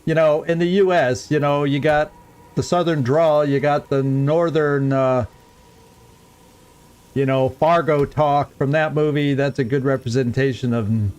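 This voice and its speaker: Slow-talking man playing a game. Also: a little high, fairly even intonation, a little mellow, smooth. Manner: chatty, rambling, chuckles often. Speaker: let's play host. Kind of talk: casual gameplay commentary.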